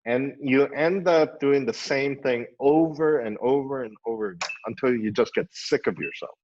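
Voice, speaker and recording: A man's voice: medium pitch, moderate pace, slight background noise. Musing man on a dull online call. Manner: musing, thinks aloud with many "uh"s and "you know"s. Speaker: architect and teacher. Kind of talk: reflective panel discussion. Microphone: video call.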